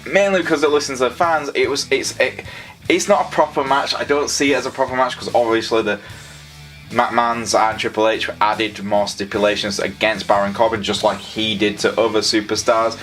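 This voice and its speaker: A man's voice: lowish voice, steady tone, a little fast, fairly bright tone, faint music behind. A man giving a casual, sarcastic and rambling review of a wrestling show.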